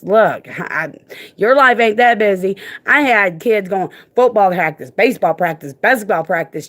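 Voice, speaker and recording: A woman speaking emphatically into her phone in a casual vlog rant, informal and repetitive, often saying "look". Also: medium pitch. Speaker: parent vlogger and advocate.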